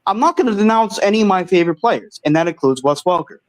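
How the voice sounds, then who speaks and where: A man's voice: sits high, expressive, fast talker, dry recording, rough recording. A man co-hosting a casual sports show, rambling and defensive in banter. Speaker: co-host.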